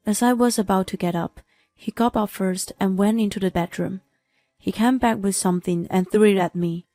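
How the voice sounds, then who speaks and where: A young woman narrating a scripted first-person story in a steady, even reading voice. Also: medium pitch, moderate pace, dry recording, soft background music.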